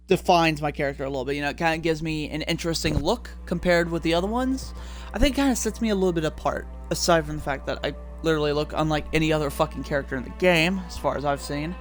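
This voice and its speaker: A young man streaming a video game live, talking in an excited, rambling way and swearing freely. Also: a little high. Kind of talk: live gameplay commentary.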